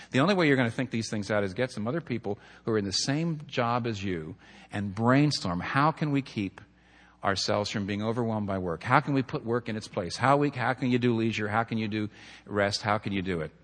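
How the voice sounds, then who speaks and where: Lower-voiced man preaching in a reverberant hall. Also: lively intonation, brisk. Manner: earnest storytelling with repeated numbered points. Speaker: pastor. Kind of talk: sermon.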